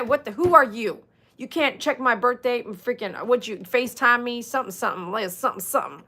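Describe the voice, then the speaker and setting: A woman hosting a casual livestream as a dog groomer, chatting with viewers and reading their comments aloud. She is animated and swings from loud mock outbursts to soft, earnest talk. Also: on the high side, a little fast. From Texas. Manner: chatty, reads out viewer comments, uses y'all.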